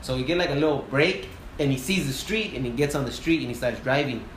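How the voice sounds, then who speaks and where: A man who works as a wildland firefighter and sawyer, telling a story in casual conversation. He is animated and profane, and he acts out the voices of the people he quotes. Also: medium pitch, fast. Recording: roomy with faint noise.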